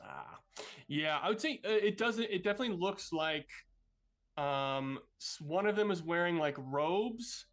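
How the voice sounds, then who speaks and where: A woman game master narrating a tabletop game with a slightly low voice. She talks hesitantly, with many fillers. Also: unhurried.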